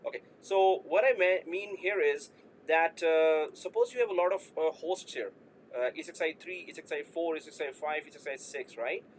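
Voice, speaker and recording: A man's voice: on the high side, normal speed, a little hiss or hum, low-quality recording. A man teaching a live online IT class, explaining with playful asides and jokes. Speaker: IT instructor.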